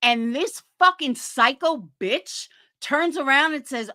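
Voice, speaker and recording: Slow yet animated, a woman with a high, bright, forceful voice hosts a livestream and rages with lots of cursing and a sarcastic bite. She is going through a fight with cancer.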